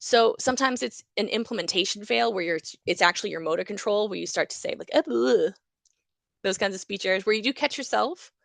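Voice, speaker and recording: A lively woman lecturing, with a gravelly edge. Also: mid-range voice, fast talker, few pauses, no echo. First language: English. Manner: lively explanatory, acting out examples. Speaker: psychology lecturer. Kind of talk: university lecture.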